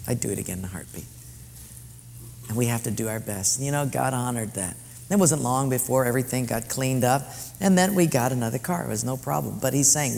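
A man's voice: medium pitch, expressive, brisk, creaky, darkish tone. Earnest man preaching in an echoey hall. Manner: earnest, storytelling, emphatic repetition. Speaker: pastor. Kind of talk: sermon.

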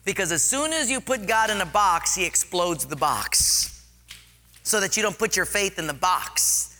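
A man preaching a sermon, telling stories with lively acted-out scenes. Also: sits high, moderate pace, long reverb tail. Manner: animated storytelling, acts out scenes.

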